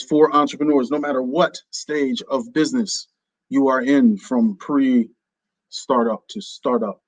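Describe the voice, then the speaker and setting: A man's voice: medium pitch, dry recording, rough recording. Playful male radio host, dry sound. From New Jersey, USA. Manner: playful and theatrical, jokingly overdramatic. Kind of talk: casual radio talk.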